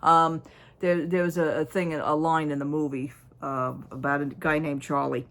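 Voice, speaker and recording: Woman haul vlogger, low voice, chatty and rambling, everyday conversational delivery. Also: little pitch movement, normal speed, fairly bright tone. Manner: chatty, rambling, with frequent restarts and fillers. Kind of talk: casual show-and-tell chat.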